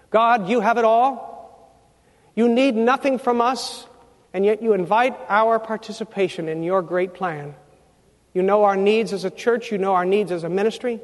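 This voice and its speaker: A man with a high voice preaches a sermon as pastor, building emphatic, loud climaxes. His voice rings out in a church sanctuary with a long hall reverb. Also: moderate pace.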